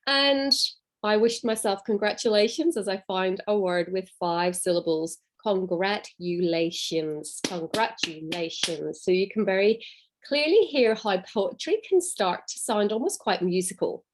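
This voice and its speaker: A woman teacher giving a recorded lesson to pupils, in a gentle, encouraging way with clear enunciation. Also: mid-range voice, moderate pace.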